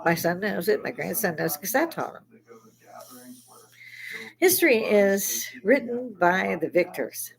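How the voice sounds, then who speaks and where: A woman's voice: medium pitch, lively intonation, unhurried, creaky, long pauses, low-quality recording. An older woman hosting a casual monologue, ranting angrily in a blunt, profane way. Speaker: host.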